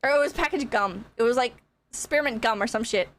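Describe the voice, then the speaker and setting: A young woman streamer tells a story in a high, bright-pitched voice. She is animated and casual, swears freely, and laughs through her telling. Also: brisk.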